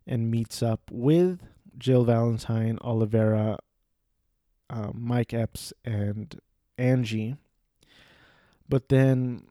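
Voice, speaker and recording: Slow, rambling man recapping a movie. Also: mid-range voice, mellow, no room sound, studio quality. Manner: rambling, with fillers and self-corrections. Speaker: movie reviewer. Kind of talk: casual plot recap.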